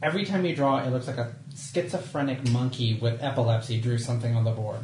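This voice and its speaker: A man's voice: mid-range voice, steady tone, fast, a little mellow, a little hiss or hum. A man playing a tabletop game, joking and teasing the group, laughing often. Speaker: player. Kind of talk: casual chat at a game table. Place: room with a group around a table. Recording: echoey room.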